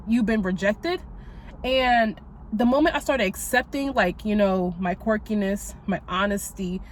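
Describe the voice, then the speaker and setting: On a casual spiritual podcast, a woman in her twenties with a voice on the high side gives a monologue that's blunt, sassy and profane, full of "like" fillers. Slight background noise sits under the recording.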